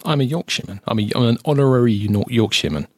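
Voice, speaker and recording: A man's voice: medium pitch, very fast, darkish tone, no room sound. A man from the south of England with a southern English accent, hosting a casual podcast chat and talking with frequent restarts and fillers. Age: adult, lived ten years in current home. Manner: chatty, hesitant with many restarts. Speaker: podcast host.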